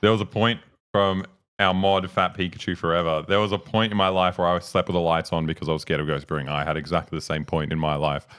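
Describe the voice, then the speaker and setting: A young man with a fairly low voice tells a story in a casual chat, swearing freely and getting animated as he goes. His delivery stays loose and conversational. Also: fast talker, smooth. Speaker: co-host.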